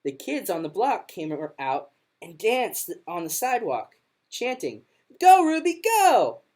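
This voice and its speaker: Woman reading a storybook aloud, very expressive. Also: lowish voice, a little slow, breathy edge. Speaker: music teacher. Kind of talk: reading a picture book aloud.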